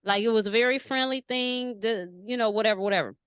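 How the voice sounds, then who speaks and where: Bright, lively woman telling stories. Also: on the high side, fast, clear, resonant tone, no room sound, clean studio sound. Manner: animated, slangy storytelling. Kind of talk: casual conversation.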